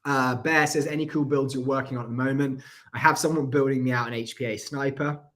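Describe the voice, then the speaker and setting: Male streamer, mid pitch, casual and apologetic, keeps coughing from a dry throat. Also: fairly even intonation, fast talker, a bit bright. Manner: chatty, rambling, apologetic. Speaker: airsoft channel host. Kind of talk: casual livestream chat.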